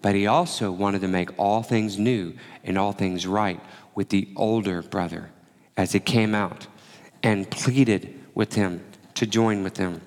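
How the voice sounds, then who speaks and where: A man preaching a sermon in a relaxed, conversational way, acting out the quoted lines as he tells the story. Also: fairly low pitch, unhurried, in a large hall. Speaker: pastor.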